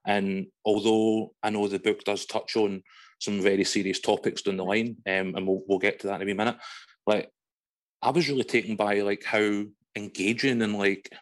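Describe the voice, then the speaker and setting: A man's voice: fairly low pitch, flat delivery, normal speed. A man with a Scottish accent co-hosting a podcast, asking questions in a thoughtful, rambling way with many fillers. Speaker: podcast co-host. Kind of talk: casual interview chat.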